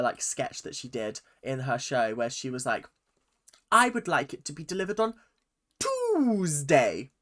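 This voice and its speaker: A vlogger ranting casually about a reality show, animated and swearing freely. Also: mid-range voice. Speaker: YouTube recap vlogger.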